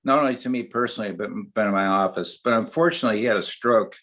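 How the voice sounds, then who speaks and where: A man's voice: lowish voice, fast talker, a bit bright. Chatty older man telling a story. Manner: chatty anecdotal storyteller with many fillers and restarts. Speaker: guest, oral surgeon. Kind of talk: storytelling in a webinar.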